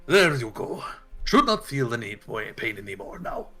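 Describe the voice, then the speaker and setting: A man voicing a calm, gentle male healer paladin who speaks softly and soothingly to a hurt animal. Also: mid-range voice, soft background music. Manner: soft, soothing, unhurried.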